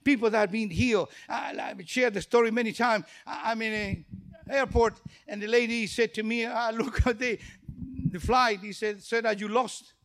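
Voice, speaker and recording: Delivering a sermon in English, his second language, this male pastor uses non-native phrasing. His high-pitched voice keeps a moderate pace as he tells lively stories and acts out the dialogue.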